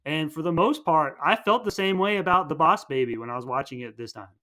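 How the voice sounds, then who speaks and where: A man's voice: on the high side, brisk, bright, forceful tone. A young man co-hosting a film podcast, chatting casually and enthusiastically, often restarting his sentences. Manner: rambling, enthusiastic, with many restarts. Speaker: podcast co-host.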